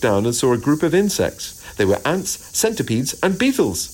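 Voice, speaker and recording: A man reading a children's storybook aloud in a gentle, expressive way. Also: fairly high pitch, moderate pace, few pauses, slight background noise.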